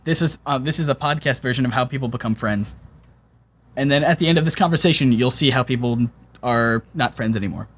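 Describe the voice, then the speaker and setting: A man's voice: mid-range voice, a little fast, fairly bright tone, husky. A young man hosting a casual podcast chat, playful and bantering, often restarting his sentences. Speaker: podcast host.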